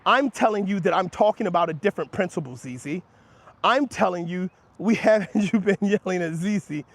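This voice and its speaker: Talking fairly quickly, this man streams live from outdoors near passersby and gets into a heated money argument with his viewers. He addresses chatters by name, brushes off their replies with laughter, and raises his pitch emphatically when arguing.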